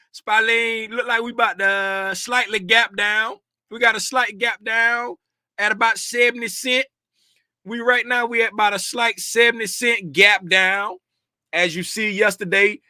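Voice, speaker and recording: Bright-voiced man hosting a market livestream. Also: high voice, no room sound, studio quality. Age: middle-aged. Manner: chatty, greets viewers by name and laughs often; easygoing slangy talk. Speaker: livestream host reviewing futures markets. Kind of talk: casual livestream market commentary.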